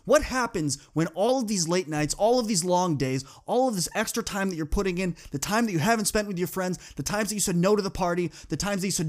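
A man's voice: high voice, quick pace, hardly any pauses. A young man hosting a podcast, speaking earnestly in a motivational monologue that builds into impassioned repetition. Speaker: podcast host.

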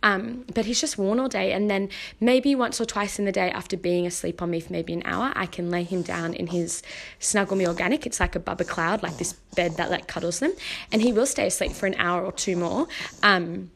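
A young adult woman, a mother hosting a podcast, talking casually and earnestly with lots of "um" and "like", warmly encouraging. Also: lowish voice, a little fast, creaky, slight background noise. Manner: earnest and encouraging, many fillers like "um" and "like". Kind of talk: casual heartfelt talk.

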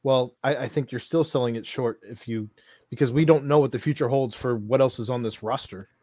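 A man co-hosting a sports podcast, relaxed and teasing in casual chat. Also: medium pitch, fairly quick, dry recording.

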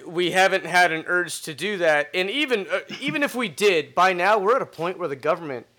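A man's voice: high voice, expressive, brisk, sharp tone. A man co-hosting a casual podcast, talking bluntly, swearing freely and stumbling over repeated words as he starts sentences. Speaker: podcast co-host.

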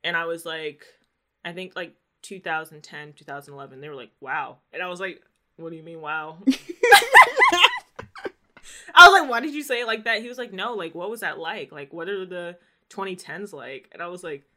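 A woman in her twenties chatting casually, telling animated stories and acting out what people said. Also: fairly low pitch, moderate pace, noisy background. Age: 20s. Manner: animated storytelling, acts out quoted voices. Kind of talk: casual chat.

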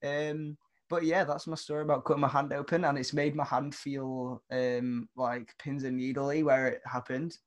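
A young British man telling a long story in casual chat. He rambles and stays animated, laughing through it, at an ordinary mid pitch. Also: moderate pace. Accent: British English.

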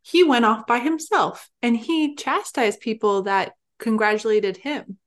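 A woman co-hosting a faith-based podcast, gently reflecting and giving advice in casual conversation. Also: fairly high pitch, unhurried. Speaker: podcast co-host.

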